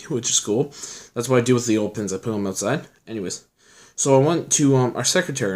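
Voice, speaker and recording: A young man chatting casually in a vlog, telling rambling stories full of fillers. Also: mid-range voice. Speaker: vlogger. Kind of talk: casual chat showing his collection.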